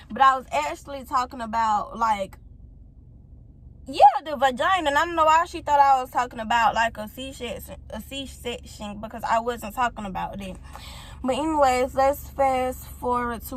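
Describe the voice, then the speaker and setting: With a somewhat high voice and a bit of background noise, a vlogger in her late teens recounts a long personal story to her viewers via phone mic. It's a casual storytime, told with plenty of lively feeling.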